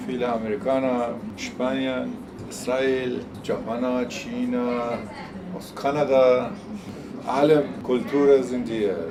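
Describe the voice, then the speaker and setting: A man working as a cook, speaking in slow, short, simple phrases in a documentary interview. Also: mid-range voice, level tone. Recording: noisy background.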